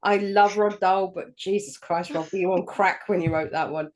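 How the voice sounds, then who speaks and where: A woman's voice: lowish voice, steady tone, normal speed, a little mellow. A woman from England co-hosting a film podcast in casual chat, emphatic and jokey, swearing freely. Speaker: podcast co-host.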